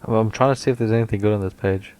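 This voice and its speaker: A man with a fairly low voice co-hosts a laid-back podcast chat. He reads book excerpts aloud in a slow, dramatic way. Between passages he breaks off to chat and laugh with his friends. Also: steady tone, darkish tone. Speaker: podcast co-host.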